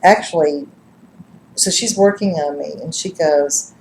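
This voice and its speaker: Middle-aged woman, lowish voice, psychic reader chatting to a live group, animated storyteller; roomy echo. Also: measured pace, a little hiss or hum. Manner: animated, laughs and acts out quotes. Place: live-streamed gathering room.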